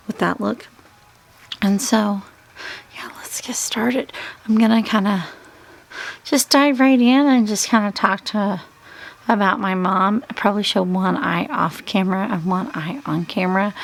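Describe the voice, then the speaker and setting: A woman in her forties talks through a casual makeup tutorial. Her voice carries a gravelly, creaky edge at a mid pitch, and she rambles in a chatty way, often trailing off and starting her sentences over. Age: 40s. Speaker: beauty vlogger and hairstylist.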